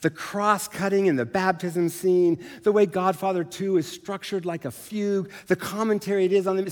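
A man's voice: on the high side, moderate pace. A middle-aged man preaching a sermon in a conversational, self-deprecating way. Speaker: pastor. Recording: long reverb of a large hall.

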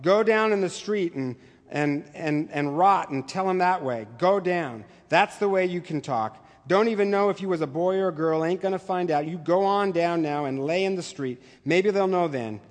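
A man's voice: high-pitched, moderate pace, lightly acted. A man reading out the lines of a fierce, grieving older farm man in a long-echoing hall. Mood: fierce grief. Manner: fierce, bitter.

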